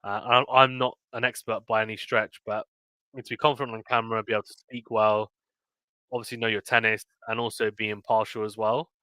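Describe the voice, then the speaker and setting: A man with a British accent hosting a live tennis play-by-play stream, chatting casually and reading viewer comments between points, then calling each point with rising excitement. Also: fairly low pitch, fairly quick, clear, resonant tone, no room sound.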